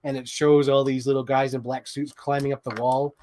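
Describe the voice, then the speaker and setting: A man hosting a toy unboxing show in casual chat, rambling excitedly and swearing freely. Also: medium pitch, a little fast, background noise.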